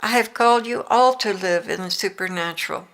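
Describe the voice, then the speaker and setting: An older woman reading the words of Jesus as a gentle, loving divine man, with tender, encouraging exhortation in a devotional reading. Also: mid-range voice, a little fast, natural voice.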